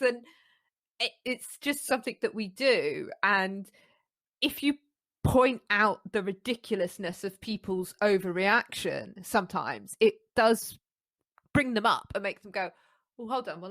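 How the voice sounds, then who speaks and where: A woman co-hosting a podcast, thoughtful and wry, sometimes pausing to search for words. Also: medium pitch, fairly bright tone. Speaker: podcast co-host. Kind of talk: casual conversation.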